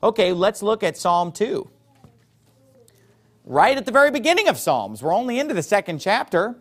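Preacher, male, slightly high-pitched, lively sermon delivery, reads King James scripture aloud. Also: normal speed, faint music behind. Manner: animated, acts out opponents' voices.

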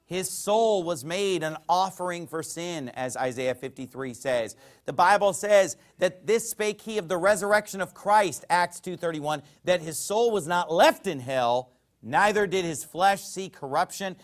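High-voiced man preaching emphatically. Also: expressive, unhurried. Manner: emphatic preaching with sharp swings in loudness; quotes scripture in old-fashioned wording. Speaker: pastor. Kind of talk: sermon.

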